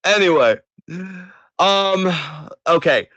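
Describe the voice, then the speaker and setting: A man's voice: high-pitched, animated, takes it slowly, fairly bright tone, no room sound, dull audio. A man hosting a casual podcast chat, joking, laughing and swearing casually. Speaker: host.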